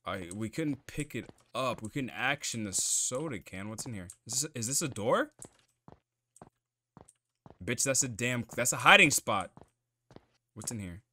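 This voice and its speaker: A man's voice: mid-range voice, animated, a little slow, long pauses, pushed and bright. A man commenting on a horror game as he plays, swearing and talking to himself in jumpy asides. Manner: profane, jumpy self-talk while playing. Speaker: gamer playing a horror game. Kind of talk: let's play commentary.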